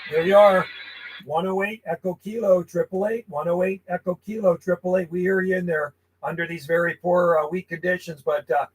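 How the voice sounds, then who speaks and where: A man from Canada chatting and calling stations live from his home radio room as a ham radio operator, friendly and relaxed. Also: sits high, a little fast, a little hiss or hum, rough recording.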